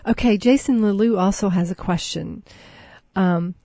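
A woman's voice: mid-range voice, moderate pace, warm tone, no echo, studio quality. A woman co-hosting a podcast in casual chat, easygoing, reading listener messages. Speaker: podcast co-host.

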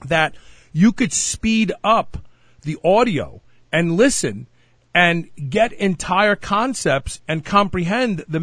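A middle-aged male host with a fairly high, very lively voice, talking with enthusiasm. The sound is dry and close-miked. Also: no room sound. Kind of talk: radio-style interview hosting.

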